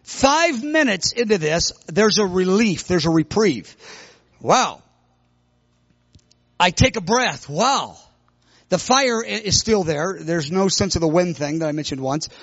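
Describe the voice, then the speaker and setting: High-voiced animated male preacher. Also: unhurried, dry recording, highs cut off. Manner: animated, bursts into loud shouts when retelling. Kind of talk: sermon testimony storytelling.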